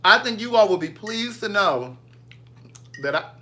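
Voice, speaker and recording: A man's voice: high-pitched, expressive, unhurried, sharp tone. A man, chatting casually from his home kitchen as a vlogger, playfully answering viewer comments. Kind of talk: casual live chat with viewers.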